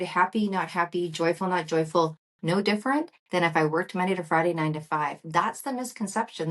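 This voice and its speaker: A woman in her fifties, a guest entrepreneur in an interview, telling stories animatedly and acting out quoted lines. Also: on the low side. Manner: animated storytelling, acts out quoted dialogue. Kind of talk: interview conversation.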